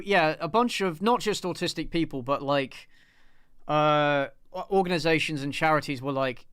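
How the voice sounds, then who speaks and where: Ranty sweary guy reviewing a movie live, bouncy voice, super clear. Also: fairly high pitch, fairly bright tone. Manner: sarcastic, swearing, ranting; laughs often. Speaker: online film reviewer. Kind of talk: casual live commentary.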